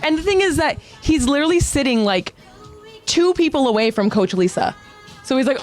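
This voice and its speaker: Woman co-host, lively casual storyteller who swears and plays out the quotes; soft music under her. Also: high-pitched, a little fast. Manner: animated, swears freely, acts out quotes. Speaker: podcast co-host.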